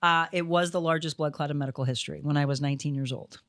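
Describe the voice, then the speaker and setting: A middle-aged woman from Missouri, a former news anchor turned life coach, telling her story as a guest in an energetic, emphatic way. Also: low-pitched, quick pace, no echo, studio quality. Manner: energetic, emphatic, animated retelling. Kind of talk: conversational storytelling.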